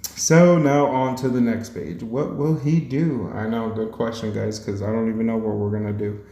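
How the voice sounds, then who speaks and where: A man's voice: lowish voice, fairly even intonation, normal speed, mellow. A man hosting a casual craft tutorial voice-over, playful and chatty, laughing often. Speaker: crafting channel host. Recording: echoey room.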